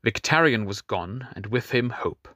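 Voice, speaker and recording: A man reading a fantasy audiobook in scripted narration, measured and grave, dropping softer on grim details. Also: medium pitch, expressive, no room sound, clean studio sound.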